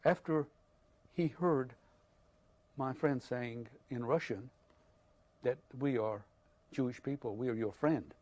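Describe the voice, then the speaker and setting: An older man tells his story in a halting, unhurried way, pausing often on fillers. He speaks at an ordinary middle pitch, as an interviewee recalling events from his own life. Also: warm tone, no room sound. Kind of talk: oral history testimony.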